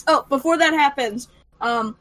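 A woman's voice: high-pitched, unhurried, fairly bright tone, no echo. A woman playing in a tabletop game, playful and giggly. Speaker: player. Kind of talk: tabletop role-play, playful.

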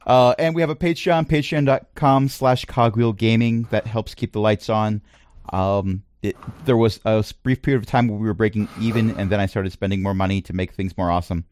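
A man's voice: lowish voice, fairly even intonation, fairly quick, a little mellow, dry recording. A man hosting a casual podcast chat, who also teaches middle school. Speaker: podcast host.

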